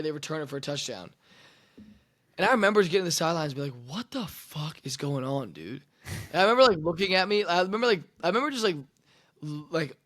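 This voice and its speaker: Man, young adult, podcast co-host, casual sports talk, emphatic, profane, raised pitch. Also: fairly bright tone. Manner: emphatic, swears freely, repeats words while building up. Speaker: podcast co-host, former quarterback.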